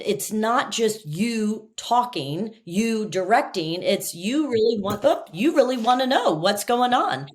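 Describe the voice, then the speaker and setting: A woman podcast host and leadership coach, talking in a relaxed interview and acting out the lines she quotes. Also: mid-range voice. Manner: animated storyteller, acts out quoted lines. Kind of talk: conversational interview.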